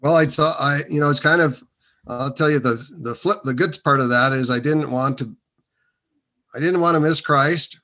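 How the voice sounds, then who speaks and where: A man with a slightly high, sharp-toned voice speaks at normal speed as an interview guest. He tells his own faith story casually and loosely, rambling with plenty of fillers and restarts.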